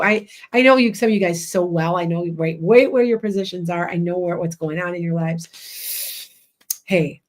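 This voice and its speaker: Hosting a laid-back livestream, a lowish-voiced woman offers psychic readings to her viewers, rambling and speaking bluntly. Her accent is Midwestern, from Chicago.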